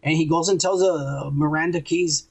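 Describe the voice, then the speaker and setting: A man's voice: on the high side, fairly even intonation, moderate pace, gravelly, darkish tone. A man hosting a podcast, retelling a TV episode in a profane, rambling way with lots of acted-out quotes. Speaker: podcast host. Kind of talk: casual recap of a TV episode.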